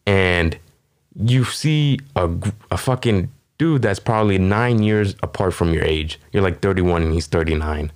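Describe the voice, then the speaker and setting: Deep-voiced man in rambling podcast banter. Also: measured pace. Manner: rambling, profane, with many fillers. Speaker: podcast host. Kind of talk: casual comedic commentary.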